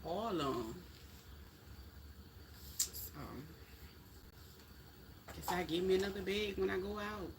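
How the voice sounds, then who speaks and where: A woman's voice: medium pitch, takes it slowly, long pauses, a little hiss or hum. A middle-aged woman hosting a casual live stream, chatting in a folksy way straight to her viewers. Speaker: livestream host chatting with viewers.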